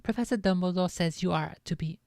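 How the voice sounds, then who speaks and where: A woman's voice: fairly low pitch, brisk, creaky, a little mellow, dry recording, studio quality, pitched above the performer's own voice. A woman voicing a fussy, strict middle-aged school nurse who talks firmly and sniffily, in a read-aloud storybook. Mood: firm sniffy. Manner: sniffy and firm. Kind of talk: audiobook-style read-aloud on stream.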